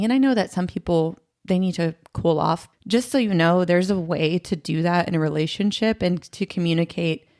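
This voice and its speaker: A woman's voice: on the low side, a little fast, a little mellow, no echo, clean studio sound. A woman on a podcast recounting a painful past relationship in candid personal storytelling, often quoting what was said. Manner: emotional, quotes others in her retelling. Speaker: podcast guest.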